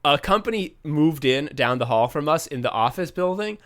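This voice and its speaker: A man's voice: a little high, expressive, moderate pace, a bit bright. A man hosting a podcast, telling a long work anecdote in casual chat, laughing often and swearing freely. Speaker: podcast host.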